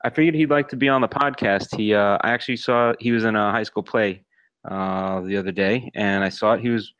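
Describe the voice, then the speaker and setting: A man's voice: fairly low pitch, fairly quick, a bit bright, clean tone, no room sound, dull audio. A man co-hosting a podcast over a video call, laid-back and rambling with lots of fillers. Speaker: podcast co-host. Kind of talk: casual podcast chat.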